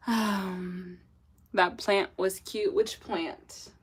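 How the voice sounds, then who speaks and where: A woman's voice: on the low side, a little slow, slight background noise. A young woman from southern Africa hosting a casual live stream, chatty and laughing often, reading out viewers' messages. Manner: chatty, laughs often, sprinkles in French phrases. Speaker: livestream host reading chat.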